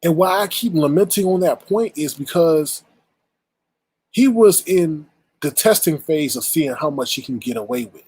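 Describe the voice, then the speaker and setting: Casting note: adult male commentary host, AAVE speech, husky slightly high voice, dry close recording, blunt exasperated ranting delivery. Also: expressive, moderate pace, a little mellow, dry recording, rough recording. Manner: blunt, exasperated, rhetorical, profane.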